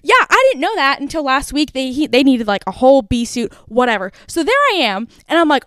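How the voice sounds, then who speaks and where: A young woman in her twenties hosting a podcast, telling a story in a lively rush full of fillers. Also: sits high, brisk, clear, resonant tone, no echo, clean studio sound. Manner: animated, breathless, full of "like" fillers. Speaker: podcast host. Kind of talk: casual storytelling.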